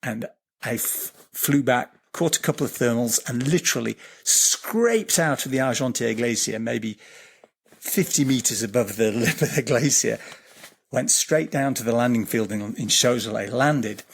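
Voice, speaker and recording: A man tells a story as a podcast guest, his middle-pitched voice gravelly with a husky edge. He swears freely, circles back over his words and slows down to draw out the tense moments. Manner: vivid, swearing storyteller who repeats words and restarts. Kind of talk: animated storytelling in a podcast interview.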